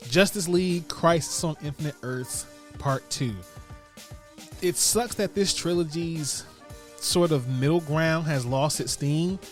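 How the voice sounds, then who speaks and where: A man hosting his own podcast, giving quick hyped reviews in a slangy style that speaks straight to his listeners. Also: fairly high pitch. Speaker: podcast host. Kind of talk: casual podcast chat and rapid review rundown.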